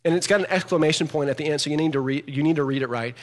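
Guy pastor giving a sermon, kinda high voice, gets fired up reading scripture, long reverb like a big church. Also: very fast, few pauses. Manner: animated, rising to emphatic loudness when quoting scripture.

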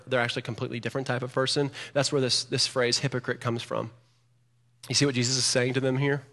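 A man preaching a sermon as pastor, animated and growing emphatic as he reads scripture aloud. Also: mid-range voice. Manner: animated, rising to emphatic loudness when quoting scripture. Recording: long hall reverb.

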